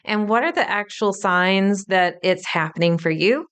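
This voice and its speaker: Smooth-voiced woman podcast host, explaining. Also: medium pitch, expressive, a little slow, a bit bright. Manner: upbeat, explanatory. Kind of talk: solo podcast teaching.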